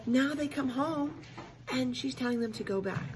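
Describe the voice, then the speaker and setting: Expressive woman reading a kids' book. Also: high voice, moderate pace. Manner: expressive, stops to explain to listeners. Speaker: reader. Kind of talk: reading a children's book aloud.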